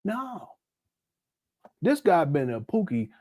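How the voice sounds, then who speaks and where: A man with a high voice that jumps up and down a lot, hosting a livestream. He jokes and curses freely and stumbles over his own words. The sound is dry and close. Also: very animated, slow pace, warm tone, no room sound. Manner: loose, joking and profane, trips over his words. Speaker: livestream host. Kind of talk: casual reaction commentary.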